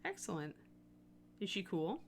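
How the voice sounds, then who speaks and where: A woman's voice: mid-range voice, very animated, a little slow, a little hiss or hum. A woman hosting a live miniature painting stream, talking casually and thinking aloud with plenty of fillers.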